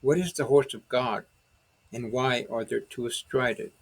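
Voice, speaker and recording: A man's voice: mid-range voice, moderate pace, husky, poor audio. A man voicing a seductive demon in the form of an enchantress, taunting a priest with riddles.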